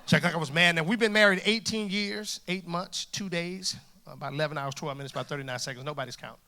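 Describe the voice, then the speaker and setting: A man in his forties delivers a humorous sermon from a church stage, his voice bright and forceful and sitting a little high for a man. He tells his stories with lively, jokey energy, acting out the dialogue as he goes. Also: fast. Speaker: guest preacher. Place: church stage before a congregation.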